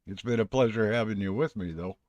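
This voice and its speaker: A man's voice: lowish voice, brisk, darkish tone, dry recording, highs cut off. A man hosting a live stream, talking in a rambling, folksy, chatty way. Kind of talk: casual live stream chat.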